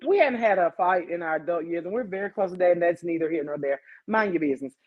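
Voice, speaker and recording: A woman hosting a podcast, telling a story in a casual, animated way, swearing freely and talking straight to her listeners. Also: on the low side, fast, muffled recording. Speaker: podcast host.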